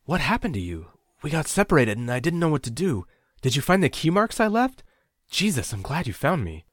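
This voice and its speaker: A man voicing a frightened young man of twenty, nervous and pitched up. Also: big pitch swings, moderate pace, husky, no room sound, clean studio sound. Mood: startled. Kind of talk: audiobook character voice.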